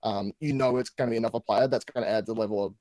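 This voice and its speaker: A man talking as a guest on a casual panel chat, rambling and thinking out loud as he goes. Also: on the low side, steady tone, very fast, poor audio.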